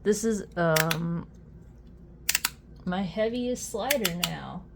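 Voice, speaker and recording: A young adult woman chatting casually while unboxing a fidget toy, easily amused and quick to exclaim. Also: lowish voice, creaky, heavy background noise.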